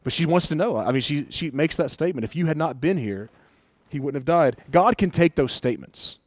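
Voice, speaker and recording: A man's voice: on the high side, a little fast, dry recording. A man preaching a sermon in a casual, conversational way, acting out the lines of the people in the scripture he reads. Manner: conversational, animated quoting of scripture figures. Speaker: pastor.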